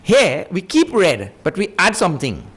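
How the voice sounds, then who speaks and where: A man's voice: sits high, moderate pace, breathy edge. A man teaching scripture in a lecture, repeating key points and acting out stories. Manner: animated teaching with acted-out stories.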